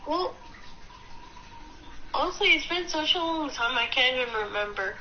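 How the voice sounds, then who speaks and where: A woman's voice: high-pitched, expressive, normal speed, dull audio, a little hiss or hum. A woman chatting casually, giving short offhand replies. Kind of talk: casual chat on a call.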